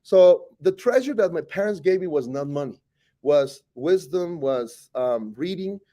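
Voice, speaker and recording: Costa Rican man telling his story, mellow. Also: fairly high pitch, unhurried. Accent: Costa Rican Spanish. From Costa Rica. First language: Spanish. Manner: animated, rambling with self-corrections. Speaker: teacher. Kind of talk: personal storytelling interview.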